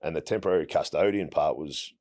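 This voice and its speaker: Australian bloke in his 40s, very low voice, laid-back storyteller who trips over his words. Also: fairly quick. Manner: relaxed, anecdotal, frequent restarts. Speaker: guest, retired footballer. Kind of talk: casual interview storytelling.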